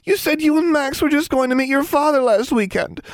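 A man doing a high, tearful teenage girl. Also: gravelly, a little mellow, no echo. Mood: distraught. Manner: high-pitched, tearful and rushed. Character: crying anxious teenage girl roommate.

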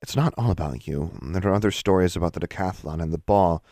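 A man's voice: low-pitched, quick pace, mellow, no echo, clean studio sound. A man voicing a hurt, tearful teenage girl who sounds wounded and pleading. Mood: defensive.

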